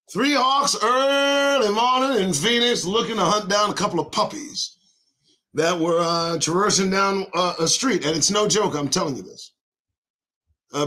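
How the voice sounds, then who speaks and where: A middle-aged man hosting his own show, ranting in a rhyming monologue with sudden shouts and swearing. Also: high voice. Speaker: host of a daily online show.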